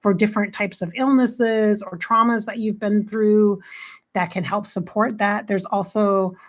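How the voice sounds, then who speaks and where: A blunt, plain-spoken woman giving casual life coaching straight to her audience. Her voice sits at an ordinary middle pitch. She talks in a chatty way and swears without hesitation. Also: steady tone, measured pace. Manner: frank, blunt, swears freely; chatty, quotes herself with "I'm like". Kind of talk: casual motivational talk to camera.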